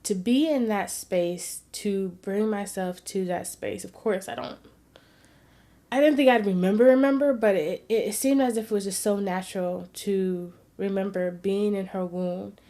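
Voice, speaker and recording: A woman's voice: mid-range voice, normal speed. Female vlogger with a mid-range voice, earnest and reflective, telling a personal story. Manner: reflective, earnest, soft-spoken at times.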